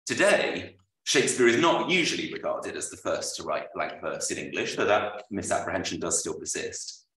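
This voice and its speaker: A man, an author, reading a prepared lecture aloud at a book launch, with measured, dryly witty delivery. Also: sits low, expressive, a bit bright. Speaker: author presenting his book. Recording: roomy, voice from far off.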